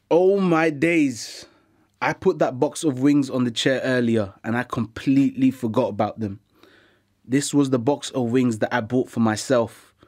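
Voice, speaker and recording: A young man telling a comic story in an animated, slangy, conversational way. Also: medium pitch. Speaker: comedic storyteller. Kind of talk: comic monologue narration.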